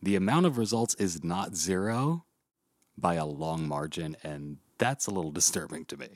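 Deep-voiced man ranting profanely. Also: expressive, moderate pace, no echo, clean studio sound. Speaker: podcast host. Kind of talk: casual movie review chat.

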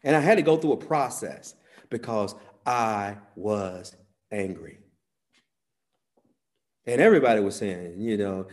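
A man preaching a sermon, swinging from soft, quiet phrases to sudden loud, emphatic peaks. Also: fairly low pitch, unhurried, pauses often.

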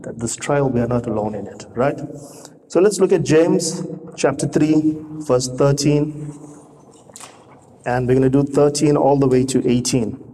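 Preacher in a reverberant hall, mellow voice. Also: male voice, mid-range voice. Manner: conversational preaching with rhetorical questions. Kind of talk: sermon. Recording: reverberant hall with faint noise.

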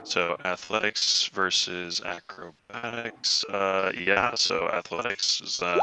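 A man's voice: low voice, slow pace, a crowd in the background, poor audio. A man playing a tabletop game over a video call, hesitant and stumbling over his words. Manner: hesitant, many restarts, animated. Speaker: player. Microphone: video call mic.

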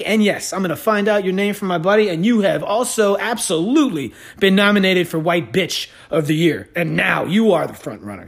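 Man podcast host, husky voice, high pitch, sarcastic rant. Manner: sarcastic, animated storytelling. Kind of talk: casual ranting commentary.

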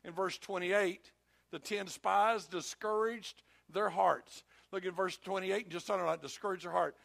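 A man's voice: high-pitched, fairly even intonation, moderate pace, creaky, a bit bright, no room sound. A male pastor preaching a sermon, emphatic and repetitive, who speaks directly to his congregation.

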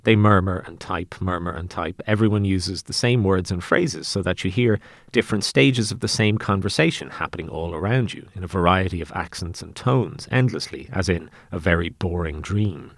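A man reading his own essay aloud in a wry, deadpan way. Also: deep voice, normal speed, gravelly, no echo, studio quality.

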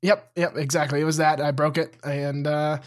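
A podcast co-host chats casually in a fairly high voice at normal speed. He's animated, laughs often, and swears freely.

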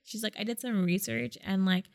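Woman, podcast co-host, casual chat, animated storyteller, casual swearing. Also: medium pitch, moderate pace, creaky.

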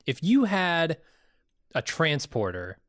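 Relaxed American man explaining on a podcast. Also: on the high side, slow, no room sound, studio quality. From United States. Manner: relaxed, explains ideas in a thoughtful way. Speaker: podcast co-host. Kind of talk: casual podcast chat.

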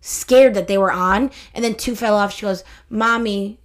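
A woman's voice: mid-range voice, moderate pace. Chatty woman telling stories. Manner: chatty storyteller, acts out quotes. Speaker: podcast co-host. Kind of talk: casual chat.

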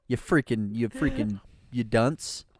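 A man's voice: medium pitch, slow pace, a crowd in the background. A man hosting a podcast over an online call, teasing his friends and laughing often. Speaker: podcast host. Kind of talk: casual banter among friends.

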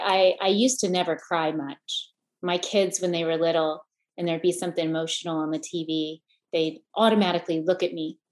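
A woman's voice: lowish voice, a little mellow. A middle-aged woman hosting a podcast, talking with feeling and often stumbling over and repeating her words. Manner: heartfelt, repeats words while searching for them. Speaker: podcast host. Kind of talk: emotional conversational chat.

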